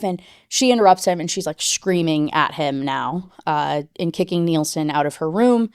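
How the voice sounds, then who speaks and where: A woman's voice: sits low, expressive, normal speed, hardly any pauses, clear, resonant tone, no room sound, clean studio sound. A woman book reviewer giving a casual rant review, chatty and full of "like" and "you know.".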